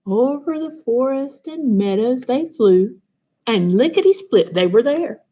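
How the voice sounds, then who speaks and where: A woman reading a children's picture book aloud in an expressive, sing-song storytelling manner. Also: on the high side, a little slow, a little hiss or hum. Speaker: storybook reader.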